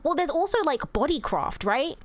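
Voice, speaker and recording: A woman's voice: sits high, big pitch swings, normal speed. Profane woman streamer. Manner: profane, loud outbursts at the screen; reads game dialogue aloud. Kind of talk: casual game stream commentary.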